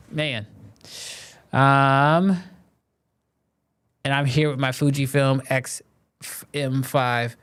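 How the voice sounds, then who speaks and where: Smooth-voiced man hosting a casual live stream. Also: mid-range voice, drawn-out words, pauses often. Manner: relaxed and conversational, many fillers like "um" and "like". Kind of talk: casual live-stream chat answering viewers.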